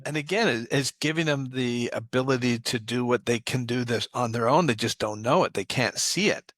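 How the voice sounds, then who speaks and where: A man hosting a podcast, explaining his ideas in a calm, casual way. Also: mid-range voice, moderate pace, no echo, clean studio sound. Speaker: podcast host, doctor. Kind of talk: casual interview chat.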